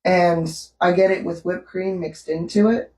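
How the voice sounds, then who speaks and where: A woman's voice: fairly low pitch, fairly even intonation, unhurried, a little mellow. A woman from Canada co-hosting a vlog, telling a story in casual chat and laughing often. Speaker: vlog co-host. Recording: roomy echo, distant from the mic.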